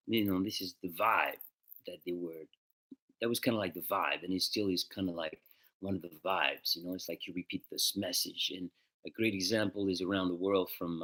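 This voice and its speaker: A man hosting a casual music livestream, greeting viewers by name in a relaxed, chatty way and slipping into French and Spanish greetings. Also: deep voice. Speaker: musician hosting a live stream.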